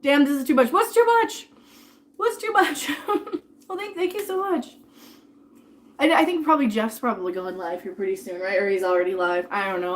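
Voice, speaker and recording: A woman in her thirties chatting casually on a live stream while she eats dinner, rambling, reading out viewer tips and thanking people, sometimes talking with food in her mouth. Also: medium pitch.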